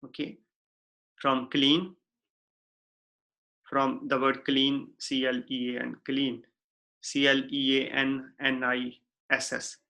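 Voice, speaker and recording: Gravelly, bright-voiced male lecturer. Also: medium pitch. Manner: deliberate, repeats himself, frequent "okay?" checks. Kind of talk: recorded lecture.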